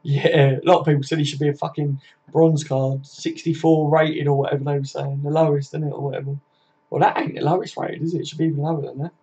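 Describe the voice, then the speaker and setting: A man's voice: fairly high pitch, level tone, quick pace, mellow, slightly rough. A man, hosting a casual live stream and reading out viewer comments in a chatty, matey way, swearing freely. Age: 40s. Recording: dull lo-fi stream audio.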